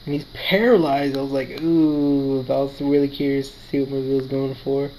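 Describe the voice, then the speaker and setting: A man's voice: mid-range voice, fairly even intonation, a little fast, darkish tone, slight background noise, rough recording. A tired, yawning man giving casual play-by-play commentary on his own game battle, quoting his own thoughts as he goes. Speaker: gaming commentator.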